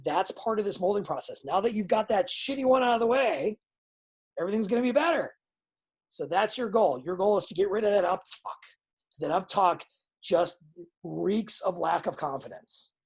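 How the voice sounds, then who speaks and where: A woman runs a live online wrestling class, giving students blunt feedback and swearing freely. Her voice has a husky edge and sits at a middle pitch. She sounds like she is on a video call. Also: animated, moderate pace. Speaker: pro wrestling trainer.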